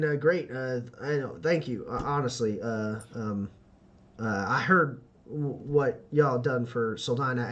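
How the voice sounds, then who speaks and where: A man voicing a humble middle-aged frontier homesteader who talks in a halting drawl full of pauses. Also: mid-range voice, muffled recording, pitched below the performer's own voice.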